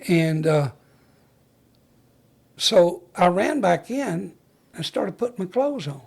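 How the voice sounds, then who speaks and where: A man's voice: sits high, very animated, slow, gravelly, slightly rough. An older man, a retired fire chief, telling stories in an interview in a folksy way and acting out the voices of the people he recalls. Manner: folksy storyteller who acts out the dialogue he recalls. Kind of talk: storytelling interview.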